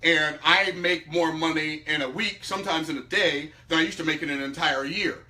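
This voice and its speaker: A man telling a story to an audience in an emphatic way, jumping from loud outbursts to quiet low asides. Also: normal speed. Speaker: speaker teaching about money. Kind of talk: animated storytelling talk.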